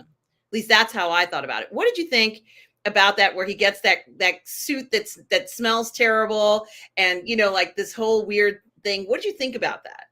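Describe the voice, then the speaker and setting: A woman's voice: mid-range voice, bright, forceful tone. A woman co-hosting a casual TV review chat, enthusiastic and chatty with lots of fillers. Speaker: podcast co-host.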